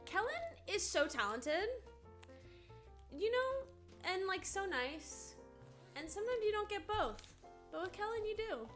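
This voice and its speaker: A woman's voice: very high-pitched, very animated, moderate pace, a bit bright, soft background music. A woman who voices characters, hosting a live autograph stream in bubbly, gushing casual chat.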